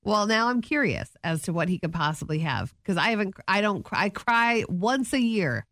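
Female co-host, 30s, lively pitch, playful and expressive, dry studio sound. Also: dry recording. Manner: expressive, quick to laugh, playful indignation. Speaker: podcast co-host. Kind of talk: casual radio banter.

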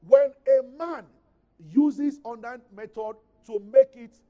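Speaking slowly in a very high voice, a Nigerian-accented pastor preaches a sermon that swings between forceful scripture reading and quiet, chatty asides. The recording's highs are cut off.

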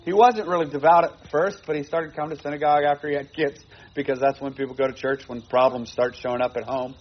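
A man's voice: mid-range voice, steady tone, quick pace, dull audio. A man preaching a sermon to his congregation, earnest and repeating phrases for emphasis. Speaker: pastor.

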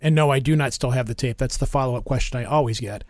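A man hosting a casual interview, telling stories in an animated way and laughing often. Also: medium pitch, quick pace, no room sound, clean studio sound. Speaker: podcast host.

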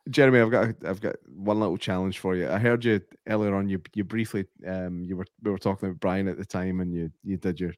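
A man hosting a podcast, jokey and quick to laugh. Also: deep voice, fairly even intonation, darkish tone, dry recording, studio quality. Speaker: podcast host. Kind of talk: casual podcast chat.

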